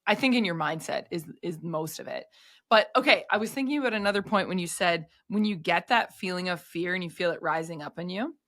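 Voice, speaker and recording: A woman who coaches gymnastics, telling stories in a casual podcast chat, animated and full of "like" fillers. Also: lowish voice, brisk. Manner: animated storyteller, many "like" fillers.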